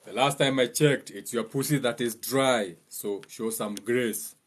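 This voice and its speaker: A young Kenyan man giving a mocking, joking monologue, laughing at his own lines and slipping into high mimicking voices. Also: a little slow. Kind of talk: humorous monologue.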